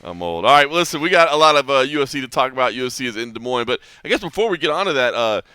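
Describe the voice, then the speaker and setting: A man's voice: medium pitch, sing-song, racing, pushed and bright, smooth, no echo, clean studio sound. A middle-aged man co-hosting a podcast, talking in a laid-back, casual way, full of "like" and "man," and laughing easily. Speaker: podcast co-host. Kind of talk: casual chat.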